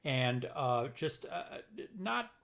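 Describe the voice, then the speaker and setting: A middle-aged man with a Minnesotan accent chats casually as a podcast co-host. He talks in a rambling, halting way, full of ums and restarts. His voice sits at an ordinary middle pitch for a man. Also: sing-song, gravelly, fairly bright tone. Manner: rambling, halting with many fillers. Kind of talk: casual chat.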